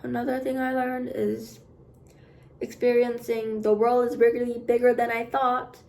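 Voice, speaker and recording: A young woman, an art student, chatting casually on her vlog in a rambling way, full of fillers and with the odd soft aside. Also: on the high side, level tone, a little slow, gravelly. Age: young adult. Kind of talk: casual chat.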